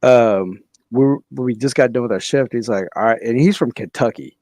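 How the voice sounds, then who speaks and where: Halting, rambling male comedy storyteller. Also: mid-range voice, darkish tone, dry recording, clean studio sound. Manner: halting, many restarts and 'like'. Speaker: podcast co-host.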